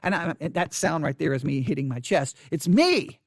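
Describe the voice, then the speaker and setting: Guy with a pretty high voice talking casually, emphatic, keeps restarting words, dry sound. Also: expressive, moderate pace, no echo. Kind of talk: casual spoken commentary.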